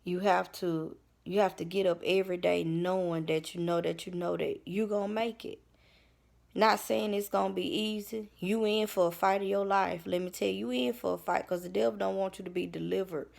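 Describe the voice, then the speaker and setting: A woman's voice: mid-range voice, steady tone, normal speed, vocal fry, darkish tone. A woman, giving a personal testimony in an earnest, preacherly way that repeats phrases. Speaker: vlogger sharing testimony.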